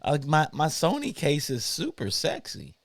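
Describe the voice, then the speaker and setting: A man's voice: a little high, wildly swooping pitch, a little slow, dry recording. Opinionated man in a dry room. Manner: opinionated, emphatic ranting. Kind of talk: casual chat.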